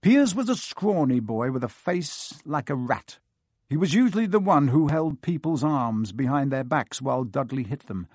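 A man reading an audiobook with lively, expressive narration. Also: medium pitch, normal speed, slightly rough, no room sound, clean studio sound.

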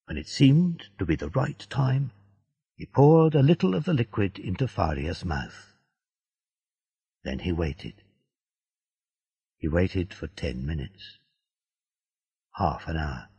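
A man narrating a story in a slow, deliberate storybook reading. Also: low voice, animated. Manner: slow, gravelly, dark-toned reading. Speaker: audiobook narrator. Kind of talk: scripted narration of a graded reader. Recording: dull lo-fi dry recording.

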